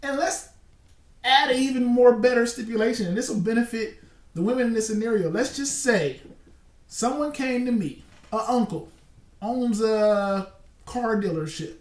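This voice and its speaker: Picked up by a distant mic in an echoey room, a man in his forties speaks at normal speed in a very high-pitched voice. His casual commentary builds a lengthy hypothetical, with points repeated for emphasis.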